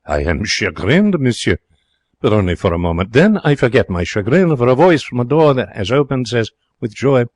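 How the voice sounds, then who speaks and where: An actor playing an excitable young Frenchman in a radio drama, speaking broken English in a French accent with theatrical, emotional delivery. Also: medium pitch, normal speed, dry recording, studio quality. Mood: wistful. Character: young excitable romantic Frenchman, former hotel cashier. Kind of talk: 1940s radio drama narration.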